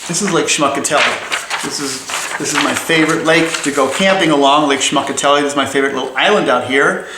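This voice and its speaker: A man with a slightly high voice talks through a drawing lesson in a playful, chatty way, tossing in jokey asides as he sketches. His voice rings in an echoey room. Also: a little fast, background noise. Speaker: drawing teacher.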